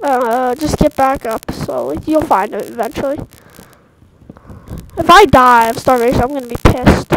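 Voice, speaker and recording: A young woman commenting on her own gameplay in casual chat, excitable, yelping and tossing out silly mock curses. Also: high voice, normal speed. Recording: noisy home mic recording.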